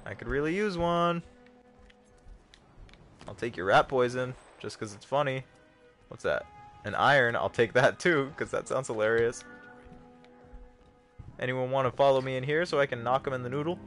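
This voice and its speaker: A young man hosting a livestream, giving casual, jokey gameplay commentary with sudden excited yelps. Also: mid-range voice, normal speed, long pauses, soft background music. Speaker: livestream host.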